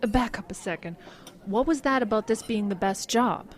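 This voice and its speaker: An actress playing a flustered young radio writer in a comedic radio drama, who stammers and dodges questions. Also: female voice, medium pitch, moderate pace, natural voice. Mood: wry. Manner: dodging questions, stammering when cornered.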